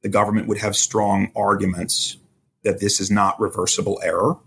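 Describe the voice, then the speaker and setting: Measured man explaining legal procedure. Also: lowish voice, little pitch movement, a little hiss or hum. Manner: measured, explanatory, quotes court transcripts. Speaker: legal expert guest. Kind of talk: podcast interview analysis.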